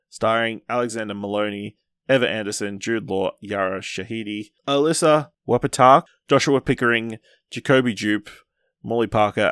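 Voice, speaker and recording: A man hosting a film podcast, reading out trailer details and chatting in a steady way. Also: on the low side, no room sound, studio quality. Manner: steady, reads listings, laughs easily. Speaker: podcast host.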